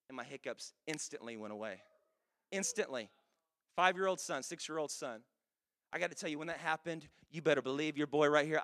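A man's voice: fairly high pitch, a bit bright. A man in his thirties preaching a sermon as pastor, casual and conversational with joking asides.

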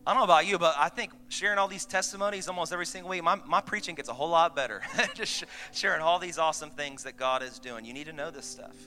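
A man's voice: on the high side, fast, bright, forceful tone, faint music behind. A man preaching a sermon to his church, chatty with laughing asides, building to emphatic points. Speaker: pastor. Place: church sanctuary.

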